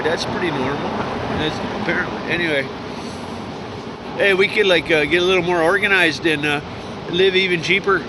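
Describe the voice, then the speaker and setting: Man ranting profanely on a noisy street. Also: fairly high pitch. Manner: profane, stammering, lots of fillers. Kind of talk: rambling outdoor rant.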